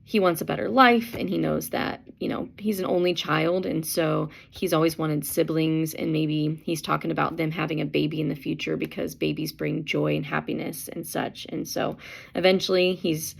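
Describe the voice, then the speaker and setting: Low, very creaky woman teacher. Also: fairly even intonation, moderate pace. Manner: chatty, full of fillers, retells in quotes. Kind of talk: casual chapter summary lesson.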